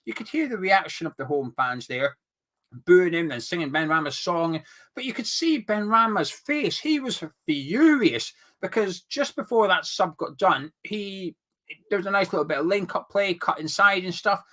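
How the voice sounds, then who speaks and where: A young man hosts a football fan chat, plainly worked up and exasperated. His voice is bright and sits a little high, and it swings widely as he rants. He turns sarcastic now and then. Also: expressive, moderate pace. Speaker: fan channel host. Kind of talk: heated football fan commentary.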